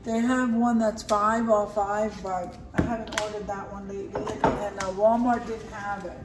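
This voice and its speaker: Speaking at a normal speed in a level, mid-range voice, a middle-aged woman shows off a grocery haul at home in casual vlog chat, now and then with food in her mouth. The recording comes from an echoey room with a far-off mic and clear background noise.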